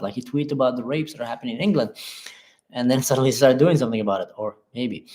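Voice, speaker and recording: A man's voice: medium pitch, darkish tone, roomy sound. An impassioned man hosting a live talk, reading viewers' comments and answering them emphatically. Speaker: livestream host. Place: Germany.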